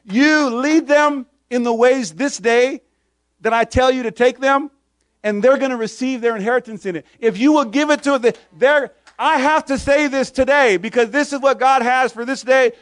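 High-voiced preacher asking punchy questions. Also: male voice, moderate pace, no echo, studio quality. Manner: preaches in short call-and-response questions; quotes scripture in old-fashioned wording. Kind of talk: sermon.

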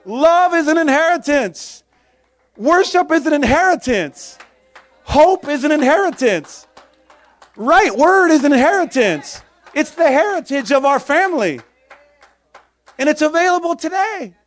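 A man's voice: very high voice, expressive, unhurried, pauses often. A man preaching a sermon, quoting old-fashioned scripture and firing short questions at the congregation.

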